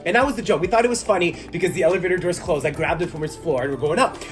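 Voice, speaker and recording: A man, a magician, telling a story in a casual vlog, animated and laughing as he goes. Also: on the high side, rapid-fire, faint music behind. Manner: animated, laughs while telling, acts out voices. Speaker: magician and kids' entertainer.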